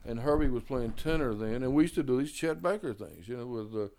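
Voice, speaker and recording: Expressive and a little quick, with a darkish tone, an older jazz musician casually tells long stories of his early days. He fills them with "you know" and "man," raising his pitch to act out the lines of the people he's quoting.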